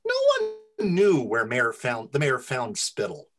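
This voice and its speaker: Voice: mid-range voice, huge pitch swings, a little slow, over music. A storyteller reading their own comic fantasy story aloud to friends, with a wry, self-deprecating delivery.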